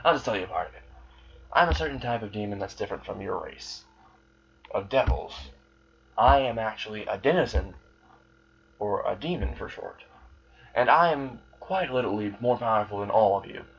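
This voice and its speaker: A man voicing an arrogant young male demon who is tired of his fans, speaking with casual sarcasm and quiet menace. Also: fairly low pitch, expressive, moderate pace, gravelly, long pauses, slightly rough, highs cut off, exaggerated voice. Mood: smug.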